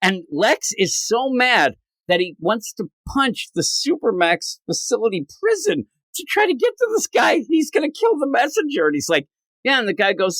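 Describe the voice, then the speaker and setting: A man's voice: very high-pitched, big pitch swings, normal speed, fairly bright tone, dry recording. A man co-hosting a casual comic book podcast, retelling scenes and acting out characters' lines in changing voices. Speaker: podcast co-host.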